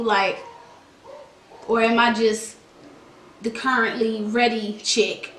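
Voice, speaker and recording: A woman's voice: a little high, takes it slowly, pauses often, distant mic, slight background noise. Dramatic, chatty woman vlogger. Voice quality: dramatic, animated storytelling. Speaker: beauty vlogger. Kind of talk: casual makeup tutorial chat. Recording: echoey room.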